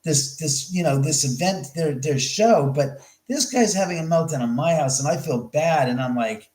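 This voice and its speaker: A man hosting a livestream, telling a story in an animated, rambling way with plenty of swearing and repeated words. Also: on the high side, moderate pace, hardly any pauses, echoey room, low-quality recording. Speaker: host of a livestream.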